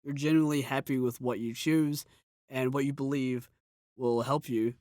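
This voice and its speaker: A man from New Zealand with a mid-pitched voice, chatting as a guest in an easygoing, encouraging way with a joking streak. The recording is dry and close, with no room sound. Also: steady tone, moderate pace, a little mellow, no room sound. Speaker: guest voice actor. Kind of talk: casual interview chat.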